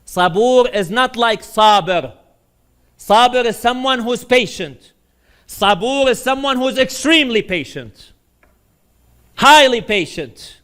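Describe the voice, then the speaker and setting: A man's voice: very high-pitched, expressive, unhurried, fairly bright tone, clear, resonant tone. A man preaching a sermon, telling stories with animation and putting questions to his audience.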